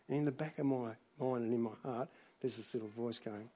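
A middle-aged man preaching a sermon in a relaxed, conversational way, full of restarts and asides. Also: mid-range voice, quick pace. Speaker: pastor.

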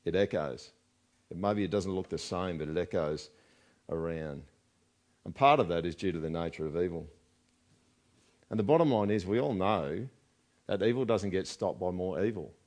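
A man's voice: low voice, moderate pace, long pauses, a little mellow. A man preaching a sermon in a conversational way, often asking the congregation rhetorical questions. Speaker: pastor.

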